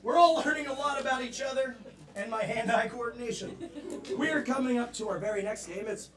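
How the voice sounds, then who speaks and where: A high-pitched man hosts a live improv show, playful and chatty with the audience. His voice bounces around an echoey theater, picked up from a distance, with a crowd audible behind him. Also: fairly quick. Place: comedy theater stage.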